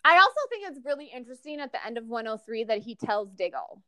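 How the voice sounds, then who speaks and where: A woman co-hosting a casual fan podcast, chatty and animated, with lots of fillers and restarts. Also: on the high side, fast talker, no room sound, studio quality. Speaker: podcast co-host. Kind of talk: casual fan podcast chat about a TV show.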